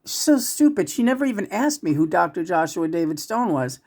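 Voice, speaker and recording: A woman's voice: lowish voice, big pitch swings, normal speed. Rambling woman channeling spirits. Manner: meandering, with many restarts and sudden swings between loud and hushed. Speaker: psychic channeler. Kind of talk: casual rambling spiritual monologue.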